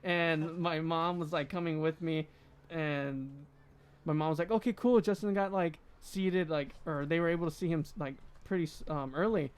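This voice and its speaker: This podcast co-host, a man in his twenties, has a clean voice on the high side and talks at normal speed. He's casually telling a story, laughing and animatedly voicing what others said.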